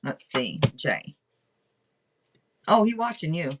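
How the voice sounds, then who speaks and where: A woman's voice: low-pitched, sing-song, slow, background noise. A woman hosting a casual livestream tarot reading, talking to viewers in a direct, playful, teasing way. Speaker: tarot reader and livestream host.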